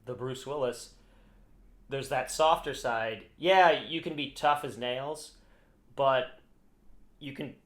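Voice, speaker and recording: A man's voice: mid-range voice, takes it slowly, pauses often. A man co-hosting a podcast, chatting casually and rambling with frequent restarts. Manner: rambling, restarts often, animated when laughing. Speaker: podcast co-host. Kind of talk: casual chat. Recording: echoey room.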